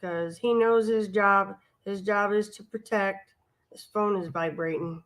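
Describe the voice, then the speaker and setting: A woman talks in an unhurried, easygoing drawl, wandering through her stories with asides and restarts. Her pitch sits in an ordinary middle range, and the tone is casual live stream chat. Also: steady tone. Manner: rambling, homespun, with many asides and restarts. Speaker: vlogger and live stream host.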